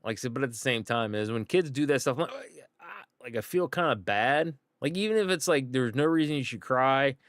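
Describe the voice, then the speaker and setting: Man, middle-aged, streamer, casual rambling chat, medium pitch, dry close mic. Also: expressive, brisk, few pauses, fairly bright tone, dry recording. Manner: rambling, chatty, frequent fillers and acted-out quotes. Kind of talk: casual livestream chat to viewers.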